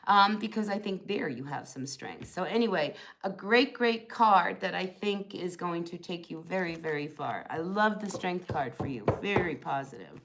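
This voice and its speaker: A woman's voice: lowish voice, animated, normal speed, few pauses, a bit bright, slight background noise, poor audio. Chatty woman reading tarot live. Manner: chatty, reassuring, full of fillers. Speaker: tarot reader hosting a live stream.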